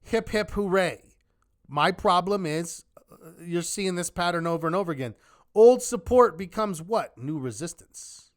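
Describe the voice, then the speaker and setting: Lively man teaching a trading class. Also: high voice, moderate pace. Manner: lively, uses rhetorical questions. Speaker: trading instructor. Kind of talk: live online class.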